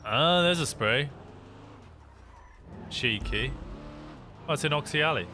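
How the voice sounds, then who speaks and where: A man's voice: a little high, expressive, slow pace, pushed and bright, a little hiss or hum. A man streaming a game roleplay as a police officer, upbeat and chatty, often repeating himself as he talks to players and viewers.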